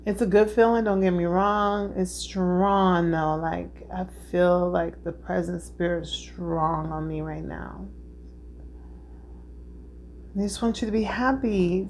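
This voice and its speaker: A woman's voice: fairly low pitch, fairly even intonation, slow pace, a little mellow, a little hiss or hum. A woman giving a spiritual tarot reading, earnest and heartfelt, who repeats herself and keeps checking in with her listeners. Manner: emotional, heartfelt. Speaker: tarot reader.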